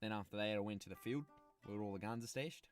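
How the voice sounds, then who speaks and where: A man's voice: on the low side, fast, soft background music, lightly acted. A man voicing a boastful Australian guy in a cartoon, telling a fight story with heavy swearing. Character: boastful Australian bloke telling war stories.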